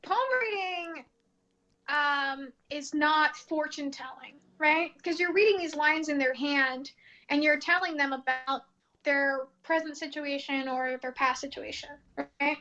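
A woman chatting casually as a podcast co-host, telling animated stories, acting out the voices of people she quotes and laughing often. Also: sits high, a little slow, highs cut off. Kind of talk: casual chat, storytelling.

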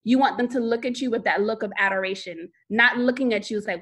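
A woman's voice: a little high, fast talker, a bit bright. A woman guesting on a podcast as a financial coach, telling stories animatedly and repeating words for emphasis. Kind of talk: casual podcast interview.

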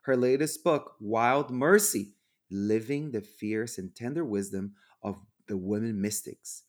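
A man hosts a spiritual podcast in an effusive, heartfelt way. His voice sits somewhat low, and he often stumbles and restarts his sentences. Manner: effusive, earnest, halting with restarts. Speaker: podcast host. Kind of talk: warm spiritual podcast chat.

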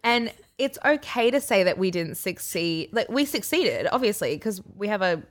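A woman's voice: medium pitch, sing-song, moderate pace. A young woman co-hosting a podcast, talking candidly and animatedly in casual chat, often mocking herself. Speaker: podcast co-host.

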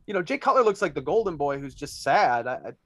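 Animated podcast host man. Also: a little high, brisk, dry recording. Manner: animated, reads out listener questions, laughs often. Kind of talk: casual sports podcast chat.

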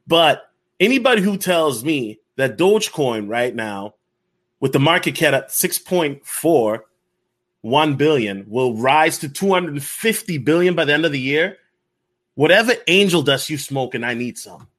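Reaction-channel host, man, animated slang talker, somewhat high voice. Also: unhurried. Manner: animated, slangy, repeats himself, calls others dog. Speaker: crypto YouTuber reacting to a video. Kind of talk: casual reaction commentary.

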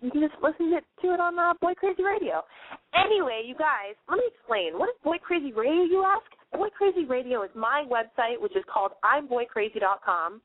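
A high-voiced woman hosts a call-in advice podcast while sick, coughing and wheezing through a casual monologue. Her style is brash, profane, and playful. The sound is phone-like and narrow-band with no room sound.

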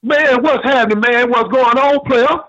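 A man's voice: very high-pitched, moderate pace, a bit bright. An older man calling into a radio show and telling humorous stories in a folksy way. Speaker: caller. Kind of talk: call-in storytelling. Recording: muffled phone call.

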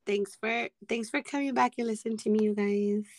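Crude storytelling woman, gravelly. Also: on the high side, a little fast, dry recording, clean studio sound. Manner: crude, animated storytelling with heavy swearing. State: hoarse. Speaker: podcast co-host. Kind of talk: casual chat.

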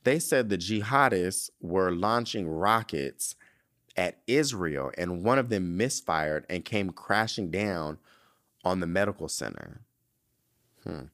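A man's voice: sits low, lively intonation, slow pace, fairly bright tone. A young man hosting a podcast, reading news headlines aloud and riffing on them in a sassy, campy way. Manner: sassy, campy, reads headlines then riffs with side comments. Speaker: podcast host. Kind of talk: casual solo commentary on celebrity news.

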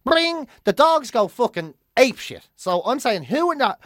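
Animated Irish man telling stories. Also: extremely high pitch, normal speed, no echo, studio quality. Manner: animated storyteller, swears freely, acts out his own shouting. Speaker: podcast co-host. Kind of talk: casual chat.

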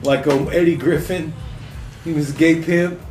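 A man's voice: a little high, fairly even intonation, normal speed, darkish tone. A man chatting casually as a podcast co-host, joking and swearing freely. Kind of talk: casual chat. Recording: echoey room with faint music.

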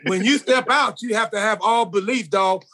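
A middle-aged man chats as a podcast guest, his voice set fairly high. He rambles in a slangy, earnest way. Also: moderate pace, bright, forceful tone. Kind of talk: casual chat.

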